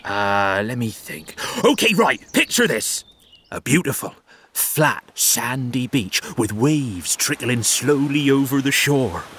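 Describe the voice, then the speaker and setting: A man's voice: medium pitch, very animated, slow pace, a bit bright, a little hiss or hum. A man voicing a dim, boastful rustic farmer who rambles proudly about his horses in a comedy sketch.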